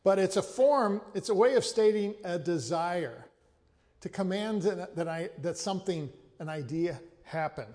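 A man's voice: high-pitched, lively intonation, a little mellow, in a large hall. A man preaching a sermon, teaching carefully and often restarting or repeating a word before going on. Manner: measured teaching, with frequent restarts and repeated words. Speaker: pastor.

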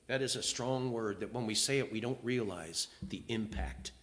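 Man preaching, loud then hushed. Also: mid-range voice, animated, brisk, few pauses. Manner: swings between loud emphatic lines and quiet, hushed confessions; reads scripture aloud with feeling. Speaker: pastor. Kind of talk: sermon.

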